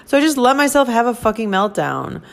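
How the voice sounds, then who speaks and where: A woman's voice: fairly high pitch, very animated, brisk, creaky. A woman, hosting a podcast and venting in a casual monologue, swearing often and laughing through tired, overwhelmed emotion. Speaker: podcast host.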